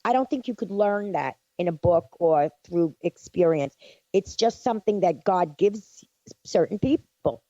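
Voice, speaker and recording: A psychic medium co-hosts a radio show, chatting casually and earnestly while affirming what others say. Her voice is lowish, warm and animated, a little slow, and the recording has a dull, dry, lo-fi sound.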